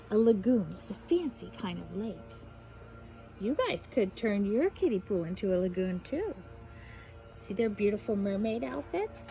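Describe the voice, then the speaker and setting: A woman, a teacher, reading a picture book aloud to children in an animated way, stopping to explain the fancy words. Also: mid-range voice, moderate pace, creaky, faint music behind, low-quality recording.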